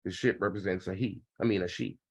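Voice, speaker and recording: A man's voice: deep voice, fairly even intonation, fast talker, vocal fry, breathy edge. A man leading a group call discussion, calling on speakers and commenting on treaty text. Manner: leads the floor, calls on speakers. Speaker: host.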